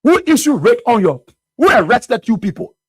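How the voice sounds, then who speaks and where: A man's voice: very high-pitched, very animated, moderate pace, slightly rough, dry recording. A Liberian man hosting a radio talk show, delivering fiery political commentary full of rhetorical questions. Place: radio studio.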